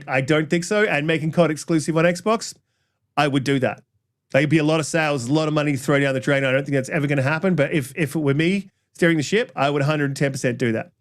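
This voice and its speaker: A man hosting a gaming podcast in casual chat, rambling with many fillers and restarts, quick to apologize. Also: on the high side, smooth. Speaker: podcast host.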